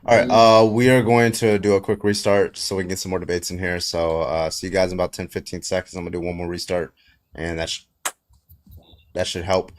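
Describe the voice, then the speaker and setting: Male streamer host, deep voice, casual and profane. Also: level tone, brisk. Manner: loose, laughing, swears casually. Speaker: livestream debate host. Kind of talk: casual livestream chat.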